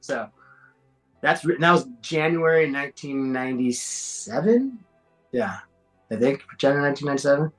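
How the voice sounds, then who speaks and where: A middle-aged man, a podcast guest telling fight stories in a slangy, animated way. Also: medium pitch, moderate pace, faint music behind, poor audio. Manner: animated, acts out quoted voices, slangy. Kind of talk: casual storytelling.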